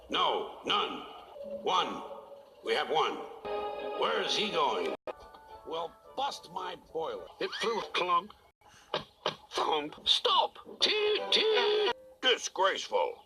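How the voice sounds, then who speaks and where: A man voicing a cast of fussy, cheeky toy train engines for a children's storybook series, jumping between squeaky and gruff voices. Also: exaggerated voice, low-quality recording. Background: music.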